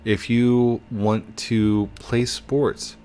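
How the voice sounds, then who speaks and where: A man in his thirties giving casual, chatty commentary while gaming, excitable and breaking into high squeals. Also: extremely slow, faint music behind. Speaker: YouTuber.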